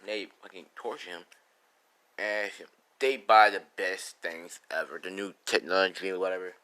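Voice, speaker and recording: A man's voice: deep voice, fairly even intonation, moderate pace, sharp tone. A man improvising a story in a casual, rambling, profane way. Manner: rambling, profane, laughs at own jokes.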